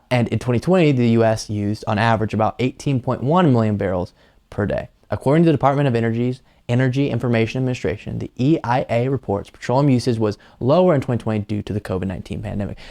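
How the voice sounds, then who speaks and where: A man's voice: mid-range voice, darkish tone. Opinionated man hosting political commentary. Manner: conversational, opinionated, frequent um fillers. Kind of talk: casual commentary on news clips.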